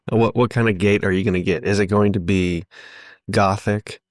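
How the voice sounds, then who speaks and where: A man in a casual podcast chat who is easygoing and quick to joke. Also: fairly low pitch, steady tone, no echo, clean studio sound.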